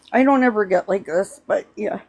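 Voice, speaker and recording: A middle-aged woman from Pennsylvania hosts a casual live stream in a rambling, halting voice. She is close to tears and keeps restarting her sentences. Her pitch sits in the middle range for a woman. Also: darkish tone, husky. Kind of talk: emotional casual chat.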